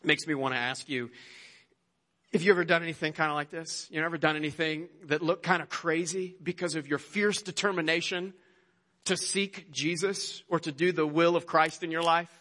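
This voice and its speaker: A man preaching a sermon, retelling a Bible story with animated storytelling and acted-out quotes. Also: normal speed. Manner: animated storytelling, acts out quotes with rising pitch. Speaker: pastor.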